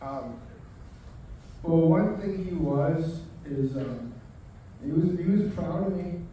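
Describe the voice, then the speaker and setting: Slow-spoken man, far off in an echoing room. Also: fairly high pitch, dark tone, a little hiss or hum. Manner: halting, with pauses and restarts. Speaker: son giving a eulogy. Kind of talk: memorial speech with a toast.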